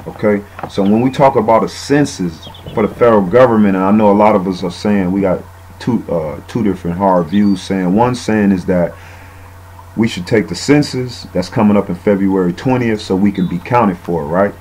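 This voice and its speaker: A man's voice: lowish voice, moderate pace, a little mellow, a little hiss or hum, poor audio. A man giving a casual, rambling bible teaching, often saying "man" and using fillers.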